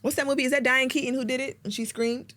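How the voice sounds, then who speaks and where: A woman's voice: sits high, steady tone, quick pace, fairly bright tone. A woman co-hosting a comedy podcast, trading sassy, profane banter. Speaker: podcast co-host. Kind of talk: casual comedic chat.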